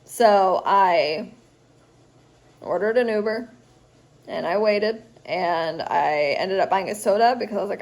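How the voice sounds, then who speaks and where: A woman's voice: mid-range voice, slow pace, long pauses, a little mellow. A young woman, a student vlogger, telling a rambling story in a casual storytime vlog at home, chatty and full of fillers, sounding tired. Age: young adult.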